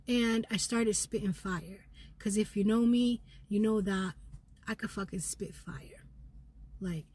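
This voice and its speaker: In a raw spiritual vlog, a middle-aged woman seethes with anger, speaking fast and intensely, swearing, and sometimes dropping to a whisper. Her voice is medium in pitch with a darkish tone.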